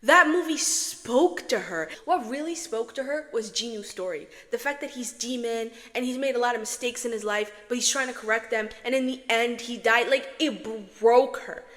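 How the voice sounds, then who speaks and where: A woman's voice: a little high, normal speed, hardly any pauses, a bit bright. A young woman from Morocco chatting dramatically to camera as a vlogger, with a strong echo effect on her voice. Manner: chatty, dramatic, self-talking. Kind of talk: casual chat vlog. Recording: echoey reverb from an echo setting.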